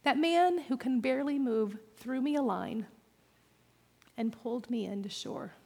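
Woman pastor, lively self-deprecating sermon delivery, reverberant hall sound. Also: a little high, measured pace, creaky, husky. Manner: personal and animated, with self-deprecating humor.

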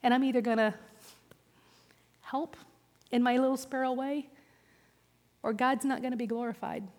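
A woman pastor preaching a sermon, personal and animated, with self-deprecating humor. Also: sits high, normal speed. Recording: reverberant hall.

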